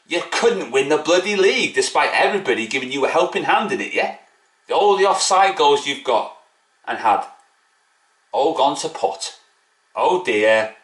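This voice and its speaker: A man's voice: mid-range voice, a bit bright. A man ranting mockingly to camera about a rival football club in a fan video. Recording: echoey room.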